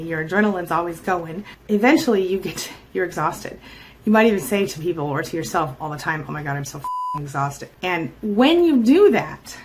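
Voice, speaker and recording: A middle-aged woman coaching viewers about toxic relationships, talking emphatically and acting out quoted lines with sudden jumps in pitch. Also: a little hiss or hum. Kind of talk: direct-to-camera coaching talk.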